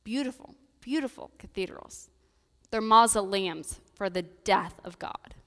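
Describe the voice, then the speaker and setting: A woman's voice: mid-range voice, a little slow, fairly bright tone. Chatty woman preaching in an echoing church. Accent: American Midwestern. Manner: casual, chatty delivery with playful voiced asides. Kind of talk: sermon. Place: church sanctuary. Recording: reverberant church hall.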